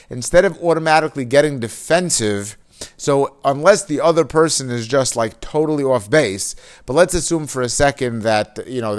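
A man gives a Torah lesson, reading Hebrew passages aloud and then explaining them. His explanations are loose and conversational, full of "you know" and restarts. His voice sits at an ordinary middle pitch for a man. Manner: reads Hebrew text aloud, then explains it in casual English with many fillers. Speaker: Torah teacher. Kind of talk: explaining a Hebrew mussar text.

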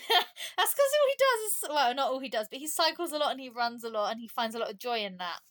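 Chatty, giggly woman with a higher voice. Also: lively intonation, quick pace, a bit bright. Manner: chatty, rambling storyteller who laughs often. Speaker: podcast guest. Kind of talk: casual chat.

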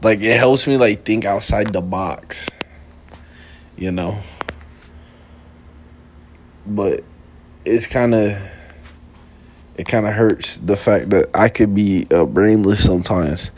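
A man's voice: fairly low pitch, slow, pauses often, slight background noise. A young man hosting a casual late-night talk, rambling in slang with lots of fillers and laughs, sitting outdoors. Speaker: podcast host.

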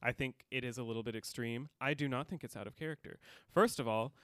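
A man's voice: medium pitch, quick pace, fairly bright tone, no room sound, studio quality. A man co-hosting a podcast, chatting casually and animatedly as he recaps a TV episode, laughing often and quoting the characters. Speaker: podcast co-host.

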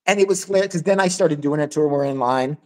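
On poor audio, a man with a voice on the high side talks fast as he hosts a podcast. His casual storytelling is animated and profane, and he acts out the voices of the people in it.

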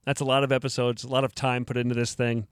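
A man's voice: mid-range voice, flat delivery, fast talker, clean tone, dry recording, clean studio sound. A man hosting his own podcast, joking and mock-indignant, laughing at his own jokes. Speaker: podcast host. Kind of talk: casual solo podcast talk.

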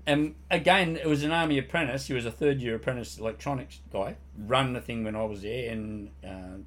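A man's voice: mid-range voice, fairly quick, fairly bright tone. An older man telling army stories in casual podcast chat, swearing freely and laughing through his punchlines.

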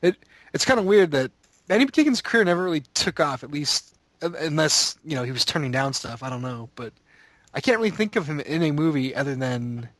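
A man's voice: fairly high pitch, sing-song, brisk, fairly bright tone, no echo. A man co-hosting a podcast, chatting casually about films in a rambling, jokey way. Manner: rambling, jokey, fillers like "you know". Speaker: podcast co-host. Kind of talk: casual movie chat.

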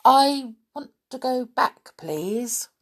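A woman's voice: sits high, lively intonation, extremely slow, pitched above the performer's own voice, exaggerated voice. A woman voicing a worried young boy in a storybook reading, eager and pleading. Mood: anxious.

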